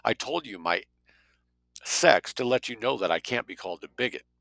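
A man voicing a blunt, sardonic male financier in an audiobook, with a gravelly voice. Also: fairly low pitch, expressive, moderate pace, fairly bright tone, no echo, low-quality recording. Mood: even.

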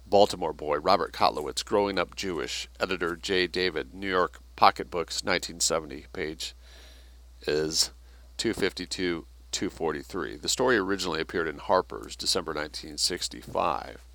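A man's voice: low voice, moderate pace, fairly bright tone, no room sound. A man reading passages from a book aloud and adding his own asides. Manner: reads passages then adds asides.

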